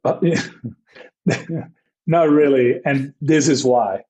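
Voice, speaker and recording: Rambling, animated male baseball manager. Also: on the high side, takes it slowly, poor audio. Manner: rambling anecdotes with many fillers and acted-out quotes. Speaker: baseball manager, podcast guest. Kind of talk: casual storytelling interview.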